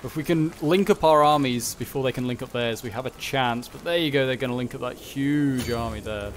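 A young man giving casual commentary on a strategy game, thinking aloud and muttering quick reactions. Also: mid-range voice, a little hiss or hum. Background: background music.

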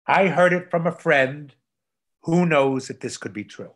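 A man, a guest on a video call, telling anecdotes with animated energy and soft asides. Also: on the high side, unhurried.

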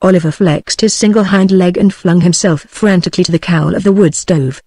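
A synthetic British female text-to-speech voice narrating an audiobook in a flat, even reading. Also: on the low side, fairly quick, husky, dry recording, clean studio sound. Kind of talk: scripted narration.

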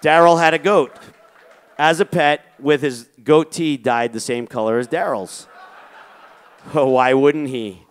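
A man's voice: a little high, unhurried, clear, resonant tone. A man, a musician, telling a profanity-laced spoken-word story to an audience with chuckles.

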